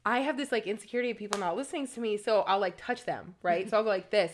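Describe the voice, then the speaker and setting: A woman co-hosting a podcast, chatting casually and telling stories in an animated way with lots of fillers. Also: mid-range voice. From Italian-American. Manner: animated, quick storytelling with many fillers. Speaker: podcast co-host. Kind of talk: casual chat.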